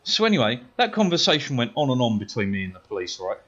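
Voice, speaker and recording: A British man streaming a game, telling a story in a casual, profane way that grows animated and louder as he gets worked up. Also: mid-range voice, fast, highs cut off. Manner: profane, swears constantly. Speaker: gaming streamer.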